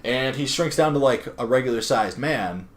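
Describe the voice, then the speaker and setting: A man's voice: medium pitch, expressive, moderate pace. Rambling young man recapping a comic. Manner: rambling, filler-heavy, acts out characters' lines. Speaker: comic book podcast host. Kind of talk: casual chat recapping a comic.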